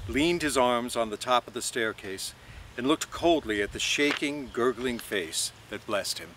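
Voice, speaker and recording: A man reading a novel aloud in measured, expressive narration. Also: medium pitch, a little hiss or hum. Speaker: reader.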